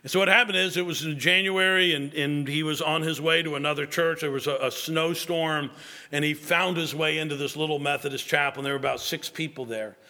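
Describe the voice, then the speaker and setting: A man's voice: fairly high pitch, fairly even intonation, fairly quick, sharp tone. A man preaching a sermon as pastor, emphatic and repeating words as he builds each point.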